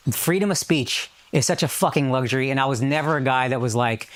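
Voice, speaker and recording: A man's voice: mid-range voice, quick pace, few pauses. A man in casual podcast chat, telling a story with lots of emphatic swearing. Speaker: podcast regular.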